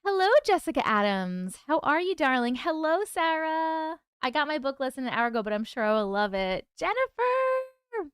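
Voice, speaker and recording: A chatty woman hosts a livestream, greeting her viewers one by one and reading their comments back to them. Her voice sits high and swings widely in pitch, smooth and clear, with a dry close sound. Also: expressive, fairly quick, few pauses, a bit bright, no room sound. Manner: laughs often. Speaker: livestream host. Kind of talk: casual livestream chat.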